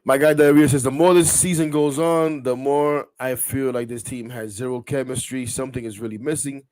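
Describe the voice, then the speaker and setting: Male sports podcast host, middle-aged, animated and rambling, swears, gets heated. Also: mid-range voice, normal speed. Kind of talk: casual sports talk podcast.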